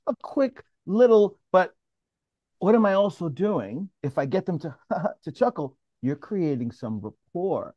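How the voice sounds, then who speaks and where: Casting: animated male moderator from New York, slightly high voice, muffled dry call audio. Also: a little slow, no room sound. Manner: animated, restarts often, calls on others. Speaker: mediator leading a roundtable. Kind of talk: casual discussion, moderating.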